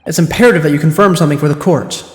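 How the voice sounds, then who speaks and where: A man's voice: fairly high pitch, rapid-fire, natural voice. A man reading the lines of an earnest young male defense lawyer, firm and probing as he presses a witness. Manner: firm, probing cross-examination. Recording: echoey room with long reverb.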